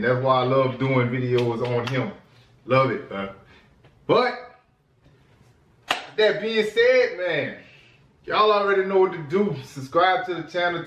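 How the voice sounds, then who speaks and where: A man hosting a casual reaction vlog, excitedly hyping things up with lots of repetition and laughter. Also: mid-range voice, a little hiss or hum. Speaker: host reacting to music. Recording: echoey room, distant mic.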